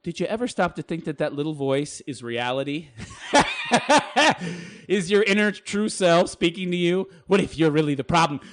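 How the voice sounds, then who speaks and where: A man's voice: fairly high pitch, animated, moderate pace. A man ranting in a reaction commentary, crude and sneering, swearing heavily.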